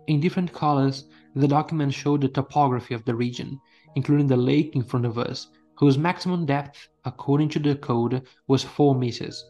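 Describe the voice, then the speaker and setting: A man reading a first-person adventure story in a steady storytelling manner. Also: medium pitch, moderate pace, lo-fi sound, soft background music. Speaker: narrator. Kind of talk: scripted story narration.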